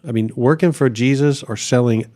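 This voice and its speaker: A man's voice: mid-range voice, fairly quick, mellow. A middle-aged man and pastor telling a story in a casual interview, acting out quotes and laughing often.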